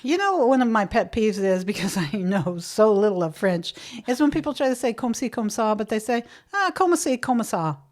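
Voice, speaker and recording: A woman's voice: medium pitch, animated, fairly quick, hardly any pauses, a little mellow. A woman in her late thirties, a comedian co-hosting a podcast, chatting casually and rambling off mid-thought. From Florida.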